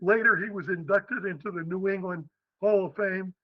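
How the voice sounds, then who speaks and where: A man's voice: high-pitched, moderate pace, no echo, highs cut off. Older storyteller man from Western Pennsylvania. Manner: animated, acts out quotes. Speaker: podcast guest. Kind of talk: storytelling interview.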